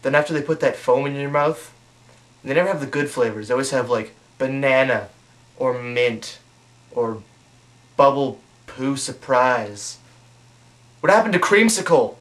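Young male comic, deadpan storytelling, mid-pitched, mocking asides. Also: unhurried. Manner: deadpan storytelling, mocking, with put-on voices for quotes. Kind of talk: comic monologue.

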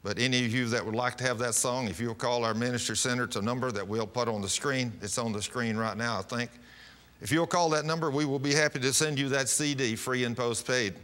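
A man's voice: mid-range voice, steady tone, brisk, fairly bright tone. A man preaching on a televised program, telling personal stories in a folksy, rambling way with frequent restarts. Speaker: pastor. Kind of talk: televised sermon with testimony. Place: television studio.

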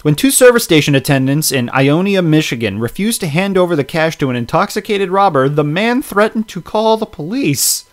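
A man co-hosting a comedy podcast, reading out crime stories with animated outrage, swearing and laughing. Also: fairly high pitch, fairly quick, hardly any pauses. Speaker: podcast co-host. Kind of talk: casual comedic podcast chat.

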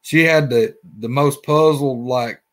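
A man with a medium-pitched voice and a Southern Alabama accent takes his time telling a casual story as a guest. The telling is folksy and rambling, and he repeats himself.

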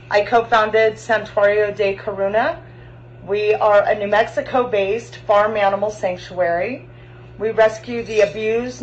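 A woman speaks with earnest, heartfelt gratitude as the co-founder of an animal sanctuary. Her voice sits at a middle pitch. A faint hiss of noise runs underneath. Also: muffled recording. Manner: emotional, grateful, earnest. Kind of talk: heartfelt address, then outdoor tour.

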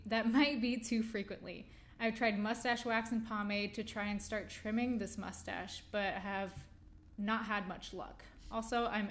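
A woman reading a viewer's submitted question aloud on a podcast, in a plain, slightly hurried way. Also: mid-range voice.

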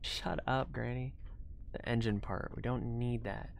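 A man's voice: medium pitch, fairly even intonation, unhurried, vocal fry, slight background noise. A young man streaming a horror game, talking himself through it and breaking into frightened yelps. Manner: muttering to himself, swinging to loud frightened yelps. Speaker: gaming streamer. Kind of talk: live gameplay commentary.

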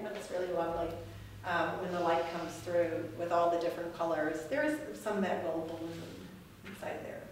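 A woman giving a casual, reflective gallery talk about her weaving, rambling and laughing often. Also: medium pitch. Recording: echoey room from a distance, faint noise.

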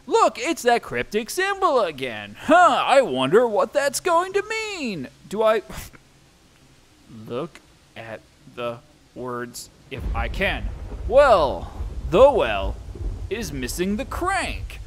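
A man's voice: high voice, huge pitch swings, extremely slow. A young man giving let's-play commentary on a horror game, jumpy and self-mocking, swearing often. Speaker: gameplay streamer.

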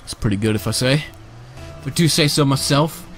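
A man giving casual live commentary over his own gameplay, excitable and quick to burst into shouts and repeated cheers, speaking close to a desk microphone. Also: mid-range voice, faint music behind. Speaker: gamer and video creator. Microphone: desk microphone, sitting close.

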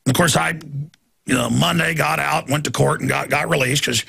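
A man's voice: fairly high pitch, steady tone, a little fast, gravelly, pushed and bright, husky. A man hosting a talk show, ranting emphatically and jumping from one story to the next. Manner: ranting, emphatic, jumps between stories. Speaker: radio talk show host. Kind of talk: heated monologue.

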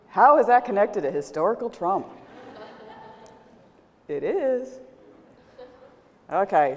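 A woman giving a public lecture, animated and speaking directly to the audience. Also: medium pitch, dull audio. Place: lecture hall. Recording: long hall reverb.

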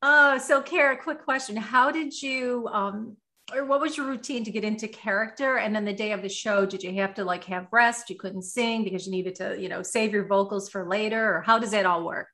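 A woman hosting an interview, asking a question in a halting, searching way. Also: medium pitch, pushed and bright. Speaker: host.

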